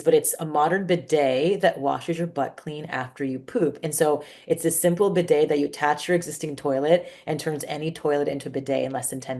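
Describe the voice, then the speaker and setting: A woman entrepreneur talking candidly in a casual interview, full of "like" and "you know". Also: low-pitched. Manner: candid, animated, many fillers like "like" and "you know". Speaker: entrepreneur guest.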